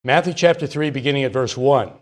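A man teaching a Bible study, reading scripture and explaining it in a measured, deliberate, reverent way. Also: mid-range voice.

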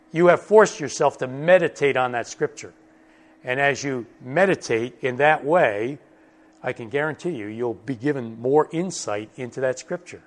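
A man teaching a Bible study lesson, slow and emphatic, repeating key words for stress. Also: mid-range voice. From United States.

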